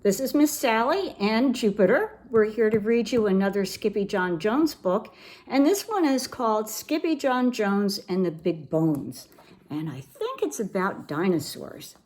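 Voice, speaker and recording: A woman reading a picture book aloud to children in an expressive, animated way. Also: on the high side, measured pace, slight background noise. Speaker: storybook reader for children.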